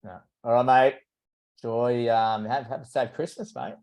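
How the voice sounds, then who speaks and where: A man hosting a podcast, asking questions in a relaxed, matey way. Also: mid-range voice, moderate pace. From Australia. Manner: easygoing, matey interviewer. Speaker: podcast host. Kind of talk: casual podcast chat.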